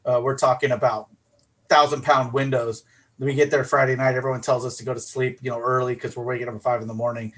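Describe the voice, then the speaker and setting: A middle-aged man co-hosting a podcast, telling a rowdy story in a casual, profane and animated way. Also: medium pitch, fast talker. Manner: animated, profane, acts out his own voice in quotes. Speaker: podcast co-host.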